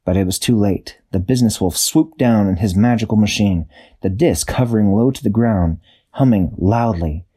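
Husky, low-voiced man telling a story. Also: dark tone. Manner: unhurried, searching for words, with small self-corrections. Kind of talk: improvised bedtime story narration.

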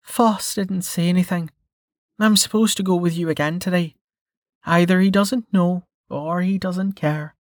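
A man's voice: high-pitched, steady tone, measured pace, no echo, voice pushed up. A man voicing a blunt, dry young woman fighter. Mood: matter-of-fact. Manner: dry, matter-of-fact and teasing.

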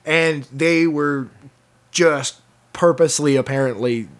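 A woman's voice: low-pitched, takes it slowly. A woman hosting a casual podcast who tells a story and laughs often as she goes. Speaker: podcast host.

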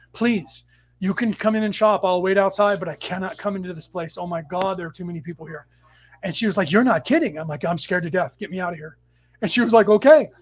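A middle-aged man hosting a spiritual study class, telling a personal story in a casual, rambling way with many restarts and asides. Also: high voice.

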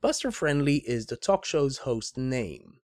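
A man narrates a literary analysis in a slow, unhurried voice that rises and falls a lot. His delivery is measured and deliberate, with the odd wry aside. The recording is close and dry. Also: mid-range voice, very animated, a little mellow, no room sound. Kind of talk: scripted narration with read-aloud quotes.

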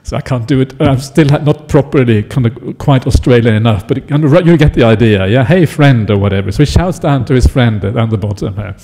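A man's voice: medium pitch, normal speed, warm tone. A man, a Buddhist monk, giving a chatty dharma talk and often checking in with listeners. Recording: echoey hall.

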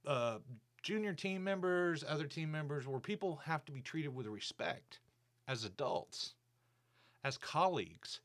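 A man's voice: mid-range voice, a bit bright. A man hosting his own podcast, telling a workplace story in a casual, indignant, ranting way. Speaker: podcast host. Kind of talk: casual monologue.

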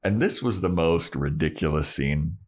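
A man's voice: a bass voice, moderate pace. A man co-hosting a podcast, recapping an episode in casual chat and acting out the characters. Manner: animated, acts out characters. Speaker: podcast co-host.

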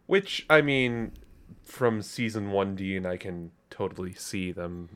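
A man's voice: low-pitched, animated, slow, fairly bright tone, smooth. A man co-hosting a podcast, chatting casually and joking with plenty of laughter. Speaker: podcast co-host. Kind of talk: casual chat.

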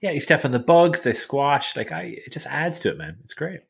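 Husky, animated Irish man. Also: a little high, a little fast. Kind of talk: casual chat.

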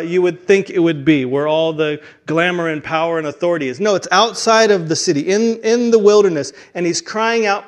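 A man preaching a sermon, telling the story with dramatic swings between hushed and emphatic delivery, often restarting his words. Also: high-pitched. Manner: frequent restarts and stumbles.

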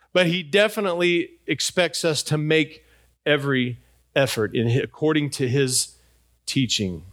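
A man's voice: high-pitched, sharp tone. A middle-aged man preaching a sermon in a conversational way, asking his congregation questions. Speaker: pastor.

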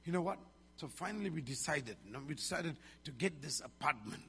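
A man's voice: on the high side, lively intonation, fairly quick, vocal fry, pushed and bright, a little hiss or hum. A Malaysian man in his fifties, a pastor preaching a sermon with a Malaysian English accent, emphatic and calling out questions to the congregation. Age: 50s. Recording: reverberant hall.

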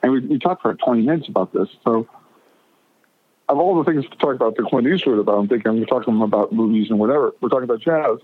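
A middle-aged man, a guest, tells a long casual story at a fast clip in a medium-pitched voice, rambling, stammering through restarts and animatedly acting out what people said. His voice arrives over a thin, tinny phone line, sounding dry and close.

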